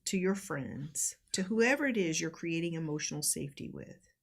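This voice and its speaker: A woman's voice: sits low, animated, moderate pace, gravelly, breathy edge. A woman co-hosting a casual relationship talk, speaking earnestly and encouragingly and answering viewer questions. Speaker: co-host.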